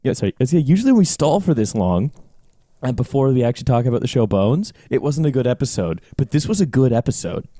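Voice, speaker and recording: A man's voice: medium pitch, sing-song, fast, mellow, dry recording, studio quality. Giggly man, jokey podcast co-host. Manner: giggly, jokey, stumbling restarts. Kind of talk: casual chat.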